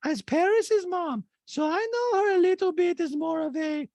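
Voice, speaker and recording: A man doing a shrill, squeaky, high impression of a woman socialite. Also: normal speed, darkish tone, no echo. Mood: breathless.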